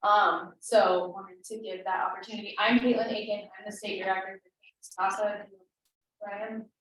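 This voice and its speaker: Woman chairing a meeting, casual and halting, recorded from across an echoey room. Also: medium pitch, level tone, a bit bright, distant mic. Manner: casual, with frequent fillers. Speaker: meeting host, state program director. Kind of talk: meeting introductions and announcements.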